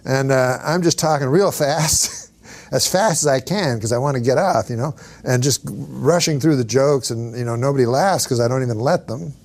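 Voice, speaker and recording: A man, a comedian, telling rambling deadpan stories as a talk-show guest. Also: mid-range voice, normal speed. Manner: deadpan, rambling, with many fillers.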